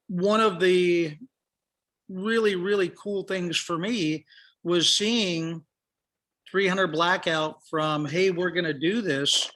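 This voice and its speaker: A middle-aged man on a podcast, his voice pitched a touch high and very bright and forceful. He spins a long casual anecdote and plays out every back-and-forth, with plenty of "uh"s and "you know"s along the way. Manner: acts out quoted dialogue, many fillers. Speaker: podcast guest, firearms industry professional. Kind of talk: casual storytelling.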